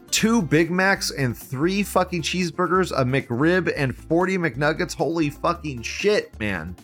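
A man hosting an online show, reading forum posts aloud and reacting with heavy swearing and sarcasm, moving between loud mockery and low muttering. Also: sing-song, a little slow, soft background music. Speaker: livestream show host.

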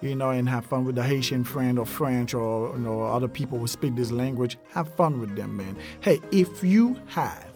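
A man's voice: mid-range voice, moderate pace, hardly any pauses, darkish tone, soft background music. A man hosting a podcast, teaching useful phrases casually, repeating each one and using plenty of fillers. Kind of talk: casual language lesson.

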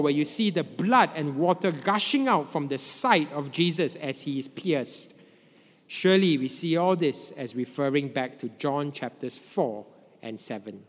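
Preaching man with a long hall echo. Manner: measured preaching, voice dropping low at phrase ends. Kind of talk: sermon.

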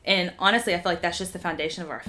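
Brief: Texan woman, 30s, lowish bright tone, emotional and earnest podcast guest. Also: steady tone, very fast. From Texas. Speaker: guest writer. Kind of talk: casual podcast interview.

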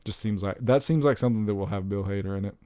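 A young man chatting casually about upcoming movies, rambling and excitable, with frequent exclamations. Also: on the low side, fast talker, smooth, dry recording.

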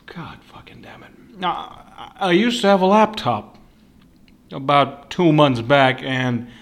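A man hosting a podcast on his own from his living room, rambling and swearing, jumping between loud bursts and hushed asides. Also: medium pitch. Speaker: podcast host. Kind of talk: casual rant.

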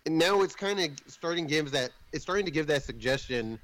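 A man's voice: fairly high pitch, lively intonation, fairly quick, fairly bright tone, rough recording. A man casually recapping a movie plot in a rambling way, swearing now and then and jumping in and out of the characters' voices.

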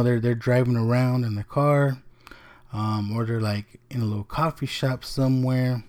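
Rambling man with a mellow voice. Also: mid-range voice. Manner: rambling, many ums, swears casually. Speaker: podcast host. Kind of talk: casual solo podcast talk.

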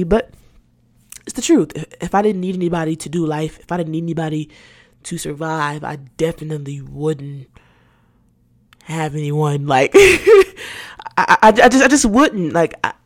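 A woman with a low voice hosts a casual solo podcast, recorded dry with clean studio sound. She talks candidly and animatedly, laughs often, and repeats words as she searches for them.

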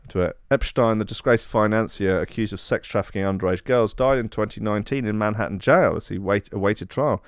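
A man's voice: lowish voice, fairly quick, hardly any pauses, clear, resonant tone, no room sound, studio quality. A man hosting a podcast, ranting sarcastically and swearing freely. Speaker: podcast host. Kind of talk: ranting comedy podcast monologue.

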